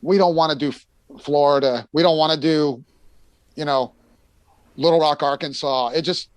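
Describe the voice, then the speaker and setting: A man's voice: a little high, steady tone, moderate pace, no room sound. A middle-aged American man telling rambling tour stories in a casual chat, full of fillers and restarts, sometimes acting out the people he quotes.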